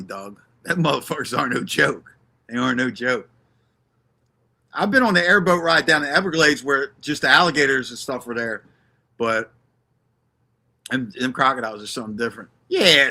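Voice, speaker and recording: Stream host guy, gravelly and bright, cussing up a storm and rambling. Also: mid-range voice, big pitch swings, normal speed, long pauses. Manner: swears constantly, rambles, reads out chat names. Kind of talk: casual profane ranting chat.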